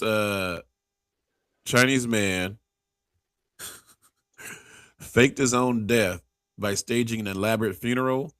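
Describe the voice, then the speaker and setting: A podcast host chats casually in a mid-range, slightly bright voice, recorded dry with clean studio sound. He rambles through stories and acts out the people in them, voicing their quotes and restarting often.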